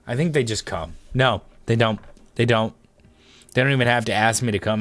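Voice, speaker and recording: A young male streamer talks in a loose, joking way during his live broadcast. His voice sits at an ordinary middle pitch, and he rambles playfully from one bit to the next. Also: fairly quick, a bit bright, no room sound. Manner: joking, goofy, breaks into silly high voices. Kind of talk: casual live-stream chat.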